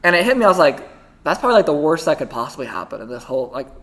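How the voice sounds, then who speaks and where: A young man hosting a podcast, telling a story in a casual, animated way, full of "right?" and "like". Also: a little high. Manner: animated, fast-talking, lots of "right?" and "like". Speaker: podcast host.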